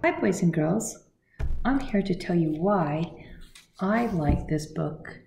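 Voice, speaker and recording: Slow gravelly-voiced woman recommending a kids' book. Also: lowish voice, reverberant, slight background noise. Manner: animated, talks straight to kids. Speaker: book reviewer for children.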